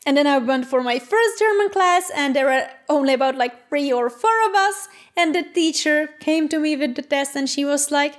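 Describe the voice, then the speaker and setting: Young woman, high voice, casual vlog, chatty, self-deprecating. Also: normal speed, few pauses. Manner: chatty, self-deprecating, animated when telling stories. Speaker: channel host and student.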